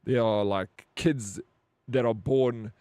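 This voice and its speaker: A man's voice: medium pitch, fairly even intonation, takes it slowly, warm tone, clean tone, dry recording. Blunt South African man streaming. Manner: blunt, profane, rambling with frequent "bro". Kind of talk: casual live-stream chat.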